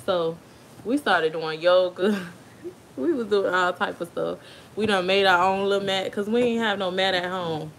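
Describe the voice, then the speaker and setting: A woman's voice: mid-range voice, moderate pace, slight background noise. A young woman with an African American Vernacular English accent, telling a birth story in a chatty way and laughing often. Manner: chatty, laughs often, talks to kids off camera. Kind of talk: casual storytime.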